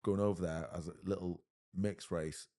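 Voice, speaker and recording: A man's voice: deep voice, steady tone, moderate pace, warm tone. A man in his thirties with an English accent, talking bluntly as a podcast guest, swearing often and saying mate a lot. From England. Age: 30s. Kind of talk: casual conversation.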